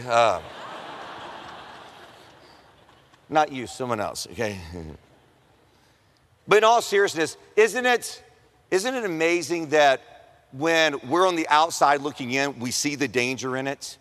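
A man's voice: fairly high pitch, expressive, slow pace, long pauses, fairly bright tone. A man preaching a sermon to students in a conversational, humorous way, acting out the voices of people in the story. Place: chapel or auditorium at a Christian school. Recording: long hall reverb.

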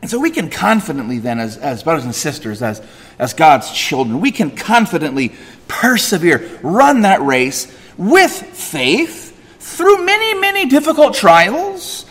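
Animated preacher in a reverberant hall. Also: male voice, high voice, measured pace. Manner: swings from loud emphatic peaks to soft quiet asides; frequent fillers and restarts in asides. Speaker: pastor. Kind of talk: sermon.

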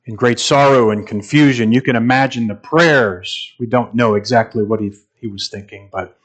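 A man with a husky, medium-pitched voice gives a sermon as a pastor. Earnest and measured, he pauses, repeats phrases, and builds toward emphatic stretches.

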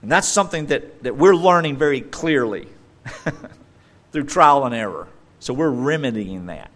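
A middle-aged male pastor delivering a sermon, swinging between loud emphatic stresses and quiet conversational asides. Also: mid-range voice, animated, a little slow.

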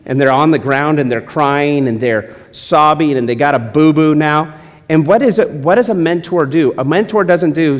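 A man's voice: fairly high pitch, expressive, normal speed. A male pastor preaching a sermon, teasing and joking with his congregation between points. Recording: long hall reverb.

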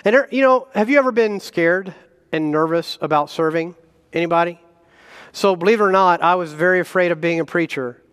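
Preaching man, slightly high voice, reverberant hall. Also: fairly quick, smooth. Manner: animated preaching with self-deprecating humor and chuckles. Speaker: guest pastor. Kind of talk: sermon. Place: church sanctuary.

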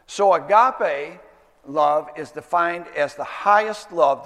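A pastor giving an earnest sermon, stressing key words and slowing down to drive points home. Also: male voice, high voice, fairly bright tone, big-room sound. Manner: earnest, emphatic teaching with slowed stresses.

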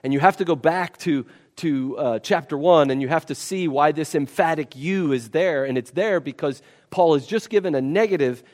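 A man's voice: a little high, moderate pace, few pauses, darkish tone. A man preaching a sermon, emphatic and repeating key words for stress. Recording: long reverb of a large hall.

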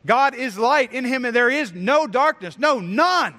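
High-voiced man preaching in a hall. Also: expressive, a little slow, sharp tone. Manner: earnest, emphatic preaching with repeated phrases. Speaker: pastor. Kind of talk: sermon.

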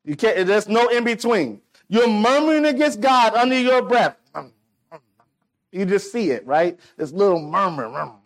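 A man preaching a sermon, animated, swinging between loud declarations and hushed asides, acting out the people in the story. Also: sits high, measured pace. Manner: acts out quoted voices of people in the story.

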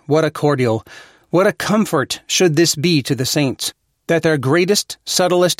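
A man giving a measured, earnest, formal reading of an old sermon text. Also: a little high, dry recording, clean studio sound. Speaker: reader of a devotional text.

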